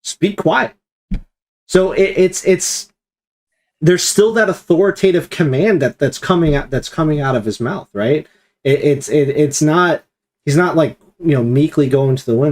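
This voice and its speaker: A man's voice: a little high, moderate pace, a little mellow. Man teaching a casual Bible study. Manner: explains at length, acts out quoted commands with emphasis. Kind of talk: live-streamed Bible study discussion.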